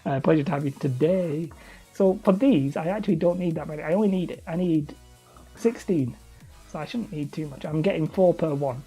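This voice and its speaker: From Leigh, near Wigan, England, this woman has a Wigan-area Lancashire accent and rambles chattily while building hobby terrain on a live stream, often poking fun at herself. Her low-pitched voice is warm, slightly rough and a little fast, with soft music playing in the background.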